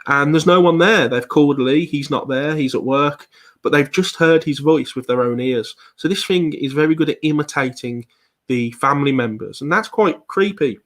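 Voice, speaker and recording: A man's voice: on the high side, moderate pace. Hesitant man presenting online. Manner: hesitant, frequent ums and repeated words. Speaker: paranormal investigator giving a presentation.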